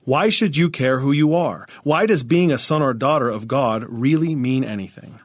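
A man's voice: mid-range voice, moderate pace, dry recording, studio quality. A man narrating a scripted youth program in an earnest, reassuring way.

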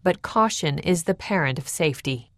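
A woman voicing a calm, resolute imprisoned church leader, in a measured, earnest way. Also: low voice, no echo, clean studio sound.

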